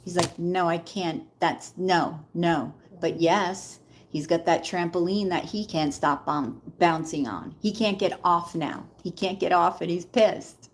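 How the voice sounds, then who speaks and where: A woman's voice: fairly low pitch, unhurried. A woman giving a casual live tarot reading, chatting directly to viewers and calling them Queen. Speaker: tarot reader.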